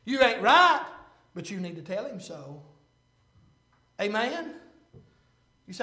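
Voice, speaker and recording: A man preaching a sermon and reading scripture aloud, impassioned and swelling to shouts, with frequent "uh" fillers. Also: sits high, very animated, moderate pace, pauses often. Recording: echoey room.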